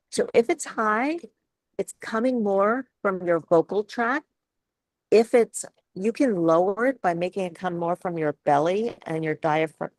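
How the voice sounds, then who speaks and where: Woman speech coach, gravelly, lowish voice, dry close sound, hesitant webinar host. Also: no echo. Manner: warm, halting, with many fillers and restarts. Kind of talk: live webinar Q&A.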